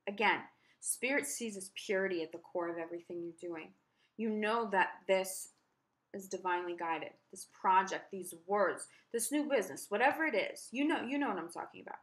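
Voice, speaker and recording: A woman's voice: medium pitch, lively intonation, moderate pace, fairly bright tone. A woman giving a tarot reading to the camera, spiritual and effusive, speaking straight to the viewer with emphasis. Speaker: tarot reader.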